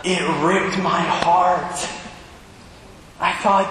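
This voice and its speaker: A priest preaching a sermon, telling stories from his own life with quick, animated asides. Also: sits high, background noise. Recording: echoey hall with long reverb.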